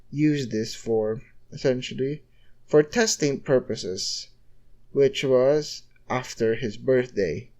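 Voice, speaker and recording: A man's voice: mid-range voice, darkish tone. A man casually narrating a fan story in a rambling way, leaning constantly on the filler "essentially".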